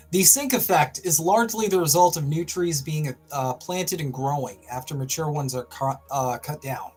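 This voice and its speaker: A man's voice: fairly high pitch, measured pace, a little mellow, slightly rough, faint music behind. A man hosting a livestream, reading an article aloud and breaking off into wry, sarcastic asides. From Canada. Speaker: host.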